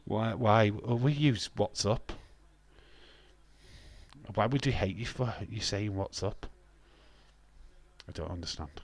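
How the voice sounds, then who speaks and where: English guy on a live stream, laid back and slow, jokey banter with the chat, dry close sound. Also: on the low side, no room sound. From England. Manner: jokey, banters with chat, bursts of laughter and loud exclamations. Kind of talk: casual live-stream chat reading viewer comments.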